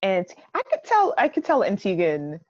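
A young woman from Jamaica co-hosting a casual chat, talking in an animated, emphatic way with laughing asides. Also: medium pitch, normal speed. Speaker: podcast co-host. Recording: dull lo-fi sound.

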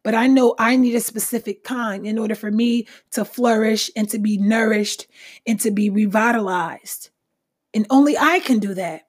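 A woman's voice: on the high side, moderate pace, breathy edge. A woman hosting her own podcast, talking bluntly and with a lot of swearing in a casual self-help monologue, noticeably short of breath. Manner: blunt, profane, emphatic. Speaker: podcast host.

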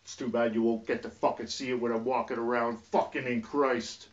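A man in a profane, agitated rant that swings between quiet muttering and yelling. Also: mid-range voice, little pitch movement, brisk. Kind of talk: rambling emotional rant to camera. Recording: distant, dull lo-fi recording.

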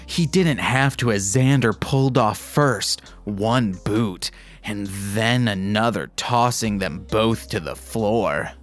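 An unhurried man reads fan fiction aloud as a podcast host, lingering over each line. He keeps stopping to make wry, self-mocking jokes about the text. Soft music plays faintly underneath. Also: on the low side. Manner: wry, self-mocking commentary between read passages. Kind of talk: reading fan fiction aloud with joking asides.

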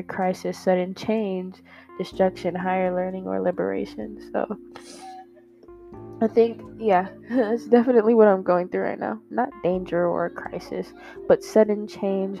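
A young woman hosts a podcast, speaking into a microphone in a mellow, creaky, mid-range voice. Her casual confessional monologue rambles and stays candid, packed with fillers and spiked with some swearing. The recording is dull and lo-fi, with faint guitar music.

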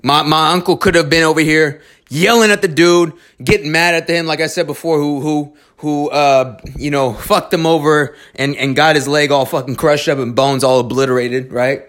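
A man speaking at a moderate pace with few pauses, his fairly high voice even in intonation and fairly bright in tone. Casually recounting a story, he gives heartfelt motivational advice while swearing bluntly and frequently restarting.

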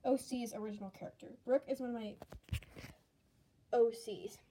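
A teenage girl chats casually at home, high-voiced and self-mocking. She giggles and slips into whispered asides. A faint hiss and small clicks sit under her voice. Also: fairly even intonation, moderate pace, mellow, low-quality recording. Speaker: vlogger. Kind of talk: casual commentary on old sketchbook. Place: bedroom at home.

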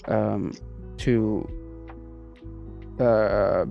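Gravelly-voiced man in rambling stream chat. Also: lowish voice, fairly even intonation, extremely slow, muffled recording, soft background music. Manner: rambling with many restarts and fillers. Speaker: podcast co-host streaming on Twitch. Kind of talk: casual live-stream chat.

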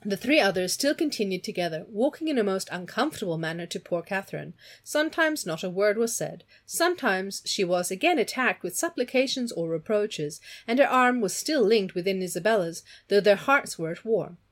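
An expressive woman reads a novel aloud, her voice rising and falling with lively swings. She voices the characters and stops now and then to chat about the story. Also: medium pitch, fairly quick, few pauses. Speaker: reader of a novel.

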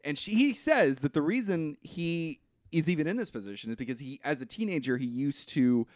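A man co-hosting a podcast, recapping a movie in casual chat, rambling and halting with restarts and swearing. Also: on the high side, lively intonation, dry recording, studio quality. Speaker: podcast co-host.

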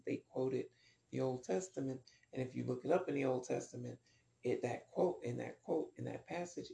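Gravelly man rambling through a Bible lesson. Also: mid-range voice, a little mellow, reverberant. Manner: rambling, with many ums and restarts. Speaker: Bible study teacher.

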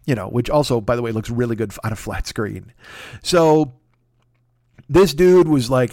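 A man telling a story in a casual monologue, animated and profane, often acting out the dialogue. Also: medium pitch, normal speed, pauses often, no echo, studio quality. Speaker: podcast host.

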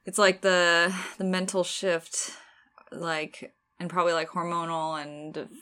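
A woman's voice: lowish voice, flat delivery, a little slow, sharp tone. A woman co-hosting a casual chat, joking and laughing easily. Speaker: podcast co-host.

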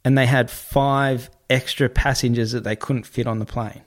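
A man's voice: medium pitch, moderate pace. Man telling a long story. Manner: animated, repetitive, swears freely. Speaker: podcast guest. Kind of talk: casual storytelling.

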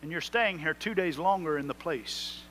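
A man's voice: on the high side, normal speed, a bit bright, a little hiss or hum. A man preaching a sermon, rising into emphatic swells and acting out prayers in quotes. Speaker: pastor.

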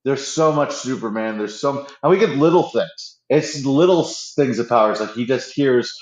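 In roomy, somewhat dull audio, a man enthusiastically chats about a TV show, speaking at a moderate pace with a mid-range voice and lively intonation. He stumbles, restarts often, and acts out quotes in this casual pop-culture talk.

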